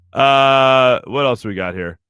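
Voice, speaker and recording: A man in his thirties, a sports radio host, chats loosely in the studio while reading viewer comments, laughing a lot and telling meandering stories. His medium-pitched voice sounds pushed and bright on a dry recording.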